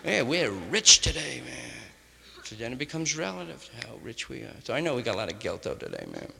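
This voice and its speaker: A man riffing loosely in hip slang, often ending lines with "man" and slipping into quick impressions of others. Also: mid-range voice, sing-song, creaky, fairly bright tone, big-room sound. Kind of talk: loose hipster riffing monologue.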